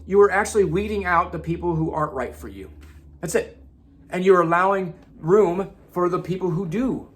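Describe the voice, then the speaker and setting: A man giving an emphatic spiritual self-help monologue, repeating himself and swearing casually. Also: on the high side. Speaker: motivational speaker.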